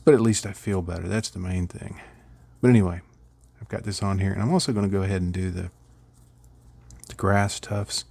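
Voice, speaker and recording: A man's voice: sits low, fairly even intonation, brisk, vocal fry, darkish tone, dry recording. A middle-aged man casually rambling through a miniature painting tutorial, chuckling at his own slips.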